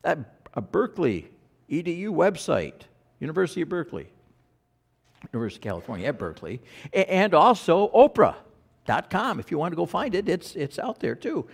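A man's voice: on the high side, very animated, fairly quick, vocal fry, slightly rough. A male pastor preaching a sermon, telling stories with frequent stammered restarts.

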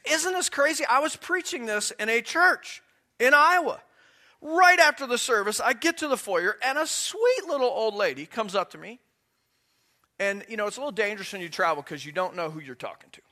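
A man's voice: high-pitched, very animated, fairly quick, sharp tone. A man giving a sermon as a guest pastor in a church, conversational and joking, then emphatic.

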